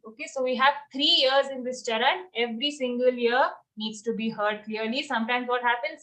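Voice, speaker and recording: A woman teaching the chanting of Sanskrit verses in an online lesson. She chants each line slowly, then explains the pronunciation rules quickly and patiently. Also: on the high side, a bit bright.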